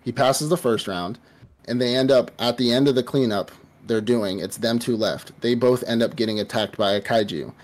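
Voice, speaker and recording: A man's voice: mid-range voice, moderate pace. A man hosting a podcast, casually recapping a show in a rambling way with lots of swearing and fillers. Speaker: podcast host. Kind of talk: casual chat recapping an anime.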